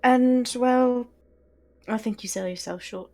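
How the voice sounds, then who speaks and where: A woman playing in a tabletop game, talking in a relaxed way with dry banter. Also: a little high, slow. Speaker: player. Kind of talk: casual tabletop game chat.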